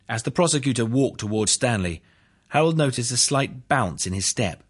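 A man narrating a courtroom story in a steady, even reading. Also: medium pitch, moderate pace, husky.

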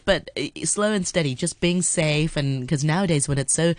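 A woman's voice: low voice, normal speed, no echo. A woman co-hosting a casual chat, explaining phrases and laughing often. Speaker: co-host. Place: home.

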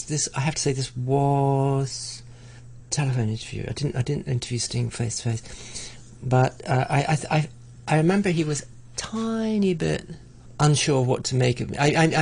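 A man's voice: medium pitch, creaky. A middle-aged man in a conversational interview, talking reflectively with frequent restarts and stammered repeats. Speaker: interviewee, arts broadcaster.

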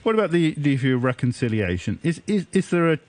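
Halting male radio host, dry studio sound. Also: on the high side, big pitch swings, a little mellow, no echo. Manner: halting, with many "uh" fillers between phrases. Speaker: radio phone-in host reading listener messages. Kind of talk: radio talk show. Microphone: studio microphone.

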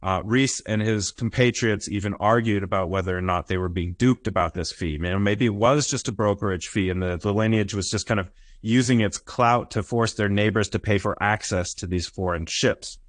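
A man's voice: fairly low pitch, moderate pace, no room sound. Lecturing man with a dry, close sound. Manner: explanatory, frequent "uh" and "right?" checks. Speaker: history lecturer. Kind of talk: academic lecture. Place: lecture recording.

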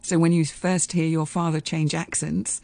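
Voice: medium pitch, level tone, moderate pace, gravelly, a little mellow, no echo. An interviewer asking supportive, summarizing questions with frequent fillers.

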